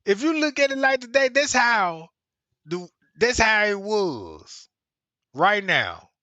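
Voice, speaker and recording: A man's voice: sits high, sing-song, slow, sharp tone, no echo, highs cut off. A man streaming to viewers, ranting in a casual, slangy, emphatic way and repeating himself.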